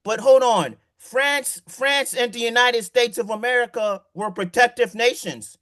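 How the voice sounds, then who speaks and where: A man with a high, bright voice talks through an argument in casual commentary. He is emphatic, stumbles and restarts on words, and keeps asking rhetorical questions. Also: unhurried. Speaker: political commentator.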